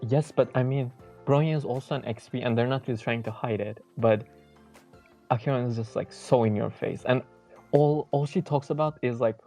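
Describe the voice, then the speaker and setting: An opinionated co-host who fills nearly every phrase with "like." The pitch sits in the middle. Faint music runs behind the voice. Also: normal speed, warm tone. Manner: chatty, says "like" constantly, opinionated. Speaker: podcast co-host. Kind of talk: casual chat.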